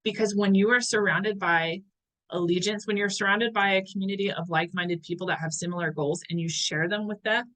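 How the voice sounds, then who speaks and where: A woman's voice: medium pitch, fairly even intonation, fairly quick, fairly bright tone, low-quality recording. A woman in her thirties giving a motivational talk as a wellness coach, earnest and chatty, sometimes searching for words.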